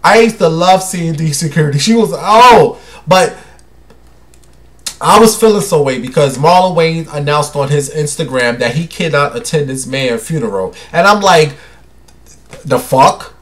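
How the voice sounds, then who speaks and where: A man's voice: fairly high pitch, expressive, normal speed, a bit bright. Chatty man hosting a solo show. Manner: chatty and dramatic, calls listeners honey and baby. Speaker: host. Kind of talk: casual solo chat.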